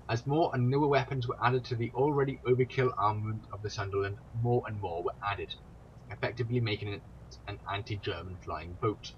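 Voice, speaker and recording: A tired young man talks through aviation history in a loose, rambling way, breaking off for sweary, exasperated asides. His voice sits at an ordinary middle pitch. The recording is dull and lo-fi, with a faint background hiss. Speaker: video creator. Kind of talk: casual history commentary.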